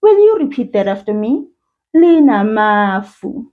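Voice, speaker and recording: A South African woman teaching children, with encouraging sing-song praise and slow call-and-repeat drills. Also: medium pitch, sing-song. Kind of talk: slow, patient kids' lesson with call-and-repeat. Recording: dull lo-fi sound.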